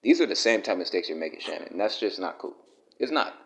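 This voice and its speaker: A man's voice: low-pitched, expressive, quick pace. Casting: man, blunt and profane, scolding his subject straight to camera in a vlog rant. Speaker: commentary vlogger.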